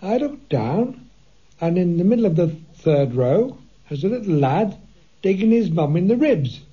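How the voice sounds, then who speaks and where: Brief: male comic recalling his career, dark husky voice. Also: sits high, very animated, measured pace. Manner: storytelling. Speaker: comedian. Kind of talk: reminiscing. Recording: dull old radio recording.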